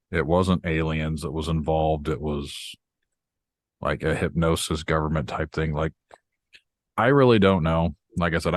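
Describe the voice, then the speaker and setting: A man hosting a podcast, talking in a relaxed, hesitant way with frequent hedging. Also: extremely low pitch, no echo. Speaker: podcast host. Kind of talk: casual podcast talk.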